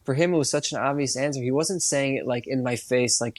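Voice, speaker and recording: A man's voice: mid-range voice, quick pace, no echo. Young man telling stories, dry sound. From United States. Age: young adult. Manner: animated anecdotes, many fillers and restarts. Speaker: interview guest. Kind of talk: casual storytelling.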